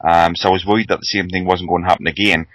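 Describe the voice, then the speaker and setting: Super deep voice guy, chatty, lots of ums, dry close mic. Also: little pitch movement, very fast, a bit bright, no echo, lo-fi sound. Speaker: podcast co-host. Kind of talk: casual podcast chat.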